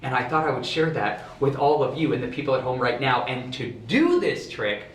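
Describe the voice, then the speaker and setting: Young male magician, animated stage patter, roomy distant sound. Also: medium pitch, brisk, a little hiss or hum. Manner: showy, playful, rising to excited shouts. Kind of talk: live magic act patter. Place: residential building elevator lobby. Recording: echoey room, heard from a distance.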